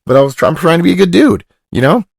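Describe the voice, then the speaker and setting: A man's voice: fairly high pitch, lively intonation, racing, gravelly, no room sound, studio quality. A young man telling a long rambling story on a podcast, swearing often and dropping his voice to quote other people. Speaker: podcast host. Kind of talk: casual storytelling.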